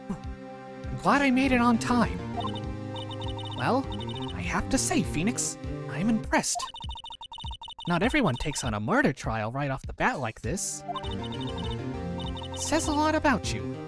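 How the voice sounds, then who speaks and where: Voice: mid-range voice, big pitch swings, measured pace, long pauses, voice pushed up. A streamer putting on a poised lady lawyer. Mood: composed. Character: poised female mentor lawyer. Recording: game music under voice.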